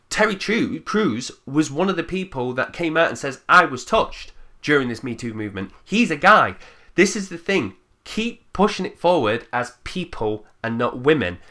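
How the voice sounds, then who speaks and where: A man talks straight to camera in an opinionated rant, blunt and full of swearing. His voice is bright and forceful, and his pitch leaps around a lot as he mocks other people's views. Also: big pitch swings, normal speed. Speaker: channel host.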